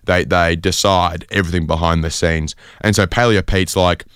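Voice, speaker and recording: A man from Sydney hosting a radio show, telling a rambling story in a deadpan style full of fillers. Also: low voice, moderate pace, smooth, no room sound, studio quality. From Sydney, Australia. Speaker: radio host. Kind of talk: comedic casual radio chat.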